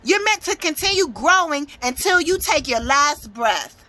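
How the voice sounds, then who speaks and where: Young woman, high bright voice, blunt and swearing, preaching self-worth as a tarot reader. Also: big pitch swings, a little slow. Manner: emphatic, profane, preachy. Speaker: motivational speaker and tarot reader. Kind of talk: blunt motivational tarot talk.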